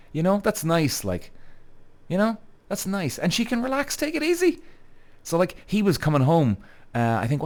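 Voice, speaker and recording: A man hosting a podcast, telling a listener's story in a rambling, profane, self-correcting way. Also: medium pitch. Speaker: podcast host. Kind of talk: casual storytelling monologue.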